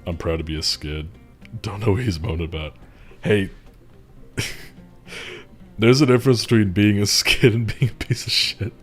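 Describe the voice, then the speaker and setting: Deep-voiced, profane male streamer. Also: measured pace, pauses often, soft background music. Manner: rambling, profane storytelling, mocking and laughing. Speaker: streamer moderating a Discord community. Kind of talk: casual livestream chat.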